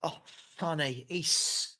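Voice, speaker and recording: An exasperated man with a fairly high voice hosts a live football watchalong. He calls each pass and groans at his own side's play between shout-outs to viewers. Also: takes it slowly. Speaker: watchalong host.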